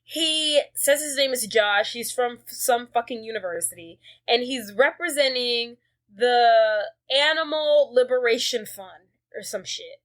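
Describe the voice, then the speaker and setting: A woman's voice: a little high, a little slow, a bit bright. A woman co-hosting a podcast, retelling a movie plot in casual chat and swearing freely. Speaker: podcast co-host.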